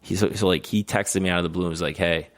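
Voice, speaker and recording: A man's voice: low-pitched, steady tone, very fast. A man in his thirties co-hosting a podcast, telling profane stories in casual chat and laughing often. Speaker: podcast co-host.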